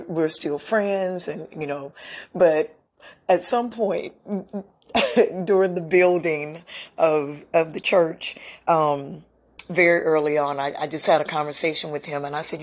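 Middle-aged female host, husky and low-pitched, candid and emotional storyteller. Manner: candid, emotional, laughs often. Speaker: podcast host. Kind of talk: personal storytelling monologue.

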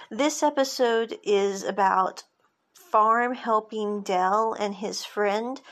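Chatty woman recapping a drama. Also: medium pitch. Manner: chatty, digressive, with side notes and fillers. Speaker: podcast host.

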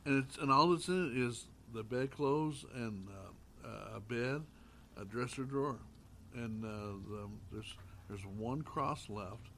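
A man's voice: mid-range voice, sharp tone, a little hiss or hum. Folksy man telling ghost stories. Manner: folksy, drawn-out anecdotes with hesitations. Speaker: paranormal investigator guest. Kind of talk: casual storytelling.

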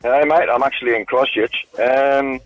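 A man's voice: mid-range voice, steady tone, normal speed, muffled recording, faint music behind. A man calling a radio quiz, casual and resigned about not knowing. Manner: resigned, casual "mate" talk. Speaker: caller.

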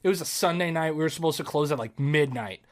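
Talking fast in a fairly high voice, a young man spins an animated story on a casual podcast, cursing, laughing, and reenacting his own yelling.

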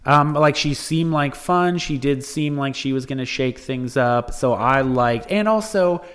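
A man's voice: mid-range voice, a little slow, a bit bright, clear, resonant tone. A man co-hosting a casual podcast chat, joking around and laughing often. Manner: joking, laughs often, slips into silly voices. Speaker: podcast co-host.

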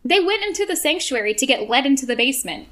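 A chatty woman with a fairly high voice, laughing easily as she retells scenes with a friend. She bounces between her own talk and playful put-on quotes of the characters. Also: fast talker. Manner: animated, laughs often, acts out quotes. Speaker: podcast co-host. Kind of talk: casual recap chat.

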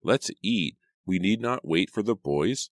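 A man's voice: expressive, measured pace, dry recording, clean studio sound. A man reading an audiobook, voicing an anxious young woman, the older sister, in a raised and emphatic voice. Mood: cheerful. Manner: raised pitch, fretful and emphatic.

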